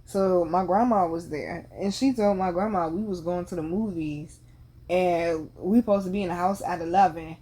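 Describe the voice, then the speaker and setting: Animated laughing woman telling stories. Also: fairly low pitch, moderate pace, husky. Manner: animated, laughs often, profane slang. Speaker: podcast host. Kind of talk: casual storytelling.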